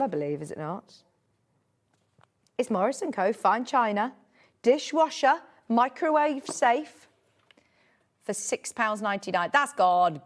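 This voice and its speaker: A British woman in her thirties presenting a live home shopping show, keeping up a bubbly, chatty sales patter. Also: medium pitch. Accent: British English.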